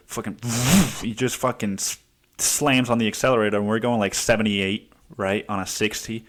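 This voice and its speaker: A man's voice: fairly low pitch, steady tone, moderate pace, a bit bright. A man hosting a podcast alone, telling a long story in a rambling, profane, casual way with lots of fillers. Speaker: podcast host. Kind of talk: casual solo podcast monologue.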